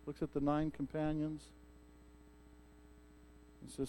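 A male pastor preaching a sermon and retelling a story in a lively way, with frequent restarts. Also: on the high side, normal speed, smooth.

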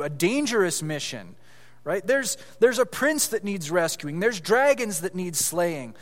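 A man's voice: high-pitched, sing-song, a little slow, long reverb tail. A man reading a children's story aloud with expression, then explaining it with growing animation as a preacher.

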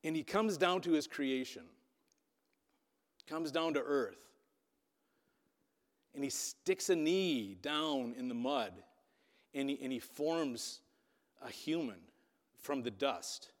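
A man preaching a sermon, telling a Bible story dramatically with loudness that rises and falls. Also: medium pitch, slow pace, long pauses. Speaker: pastor. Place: church hall. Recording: long reverb of a hall.

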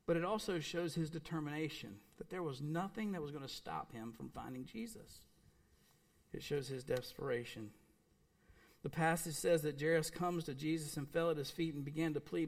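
A man preaching a sermon, earnest and emphatic, repeating phrases and dropping suddenly to a soft, quiet voice. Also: on the high side, moderate pace. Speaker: pastor.

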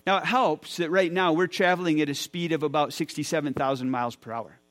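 A man's voice: fairly high pitch, steady tone, brisk, fairly bright tone. A man in his forties, a pastor speaking to his church, enthusiastic and often repeating words as he talks. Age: 40s. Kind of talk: church sermon talk. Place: church sanctuary.

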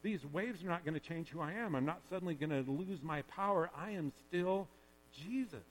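A man voicing Jesus as a calm, earnest, reassuring adult man within his sermon. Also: on the high side, normal speed, slight background noise, voice pushed up, natural voice. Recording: long reverb of a large hall.

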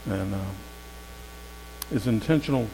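A man's voice: medium pitch, animated, a little slow. Male preacher in an echoey hall. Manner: conversational storytelling, swinging from loud to hushed. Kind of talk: sermon. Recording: long hall reverb with faint mains hum.

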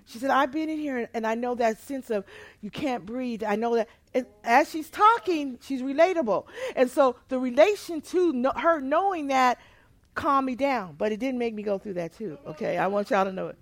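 A woman pastor shares a personal testimony in a sermon, shifting between quiet, hushed storytelling and loud, emotional outbursts. Her voice is high, at a normal speed, with no room sound.

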